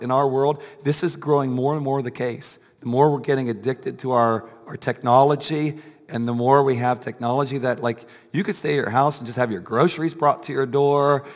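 A man's voice: medium pitch, gravelly, in a large hall. A male pastor with a weak, strained voice preaching a sermon in a church, asking earnest questions and building to emphatic peaks. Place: church sanctuary.

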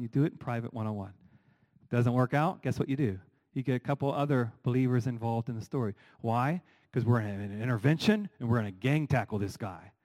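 A middle-aged male pastor delivers a sermon with lively, animated energy. He leans on rhetorical questions and quick asides, and his pitch sits at an ordinary middle register for a man. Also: rough recording.

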